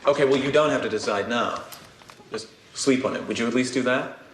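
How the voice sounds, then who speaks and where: An actor playing a pressing American son. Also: male voice, medium pitch, fairly quick, a bit bright, natural voice. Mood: pleading. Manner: earnest, pressing, repeats his point. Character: grown son urging his reluctant mother, persistent. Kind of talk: TV drama acting. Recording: roomy film audio with clear background noise.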